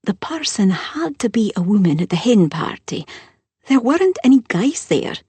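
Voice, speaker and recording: A woman's voice: medium pitch, very animated, normal speed, warm tone, breathy edge, no echo, pitched above the performer's own voice. A woman reading an audiobook, voicing an anxious young woman friend of the heroine.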